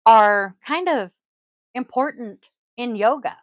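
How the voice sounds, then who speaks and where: A woman with a slightly high, animated voice takes it slowly while hosting a casual yoga-teacher podcast, chatting aimlessly with frequent ums and throat-clearing. It's recorded at home on a close mic, dry and low-quality.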